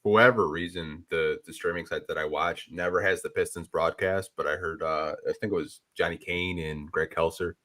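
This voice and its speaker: A man with a very low voice co-hosting a casual sports podcast. He rambles in a laid-back way and fills his talk with "like" and "dude". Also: steady tone, fairly quick, hardly any pauses, pushed and bright. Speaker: podcast co-host.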